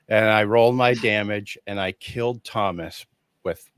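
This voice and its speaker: Low-voiced man, lively storytelling guest. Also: unhurried, clear, resonant tone, no room sound. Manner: animated storyteller who acts out quoted dialogue, laughing often. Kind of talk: casual conversation.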